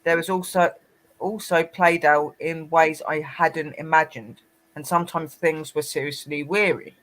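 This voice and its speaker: A man's voice: fairly high pitch, fairly even intonation, measured pace, fairly bright tone, rough recording. A man co-hosting a casual talk show, often restarting words and hesitating. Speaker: co-host. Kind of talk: casual chat.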